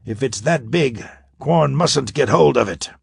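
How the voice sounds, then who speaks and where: A man voicing an older, fatherly male scientist with a rasping voice in an audiobook. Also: medium pitch, unhurried, no echo, clean studio sound, voice pushed up, full character voice. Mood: calm. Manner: calm, brooding. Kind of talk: audiobook character voice.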